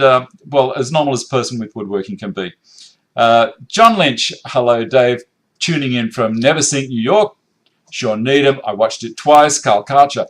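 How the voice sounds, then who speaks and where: A man's voice: medium pitch, normal speed. Host read: middle-aged Aussie bloke, easygoing and jokey, running through viewer chat in his workshop. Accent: Australian. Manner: reads viewer comments aloud, chatty and joking. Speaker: woodworking live-stream host. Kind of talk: casual live-stream chat. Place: home woodworking workshop.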